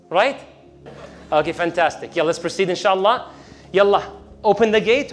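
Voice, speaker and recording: A man preaching a lively sermon to an audience, acting out the devil's whispers and reciting verses in Arabic. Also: sits high, a little fast. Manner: animated, acts out the devil's whispers in asides, mixes in Arabic recitation.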